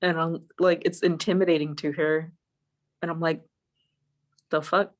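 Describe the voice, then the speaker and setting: This guest is a young woman on an online voice call, her low-pitched voice moving at a moderate pace through lo-fi audio. Animated and swearing a lot, she tells a casual story and performs her own past lines.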